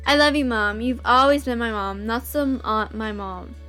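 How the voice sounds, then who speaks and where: A woman's voice: a little high, moderate pace, bright, forceful tone, soft background music. A woman voicing a tearful, emotional young man apologizing to his father, in a choked, apologetic way.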